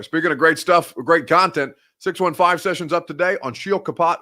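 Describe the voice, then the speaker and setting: A young man hosts a live evening sports show with a slightly high voice. He talks in a loose, rambling way, mocks himself, and laughs often between thoughts. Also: fairly bright tone. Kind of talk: casual live show banter.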